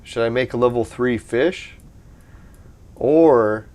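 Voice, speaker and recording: A man giving casual commentary over his mobile game, a little hoarse as he is losing his voice, reacting with excited outbursts and cursing. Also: mid-range voice, moderate pace. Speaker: gameplay commentator.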